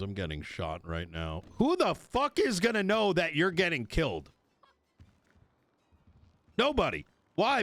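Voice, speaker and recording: A man's voice: high-pitched, a bit bright, no room sound. Blunt, profane man lecturing a meeting. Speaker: police chief in a roleplay server. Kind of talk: streamed roleplay meeting speech.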